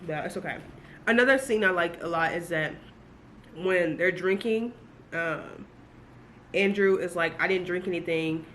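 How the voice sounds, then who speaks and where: Bright-voiced, gushing woman reviewing a book. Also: lowish voice, measured pace, long pauses, a little hiss or hum. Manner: animated, gushing, lots of asides. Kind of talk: casual video book review.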